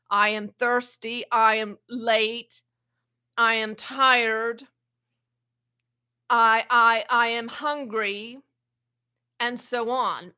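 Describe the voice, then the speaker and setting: A woman channeling an ancient wise spirit in a spiritual teaching talk, speaking slowly and haltingly and often repeating words. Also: a little high, sharp tone, clean tone. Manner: slow, halting, repeats words while searching.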